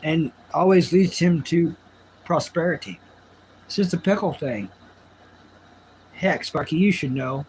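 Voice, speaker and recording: A man's voice: fairly high pitch, a little slow, long pauses, a little mellow, a little hiss or hum, rough recording. A man live-streaming, chatting casually with his viewers in a rambling, jokey, self-mocking way.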